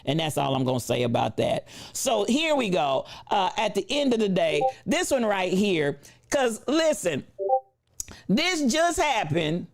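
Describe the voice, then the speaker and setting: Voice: mid-range voice, big pitch swings, a little slow. A host with delivering preachy, emphatic reaction commentary, often turning to the viewers directly.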